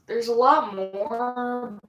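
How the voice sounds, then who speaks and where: Female vlogger, unhurried storyteller, rambling and profane. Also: a little high, steady tone, fairly bright tone, lo-fi sound, soft background music. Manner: rambling, frequent swearing, acts out quoted lines. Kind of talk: casual storytelling.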